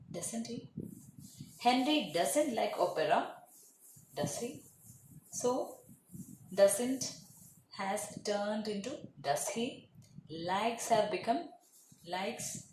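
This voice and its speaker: A woman teaching English grammar, explaining slowly and deliberately and repeating example phrases. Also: mid-range voice, a little mellow. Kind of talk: grammar lecture. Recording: echoey room, faint noise.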